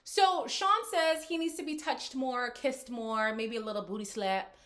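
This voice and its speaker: A woman's voice: a little high, unhurried, fairly bright tone. A woman hosting a reality TV recap, chatting casually and sassily with viewers and laughing often. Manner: sassy, laughing, talks straight to viewers. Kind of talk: casual reaction commentary.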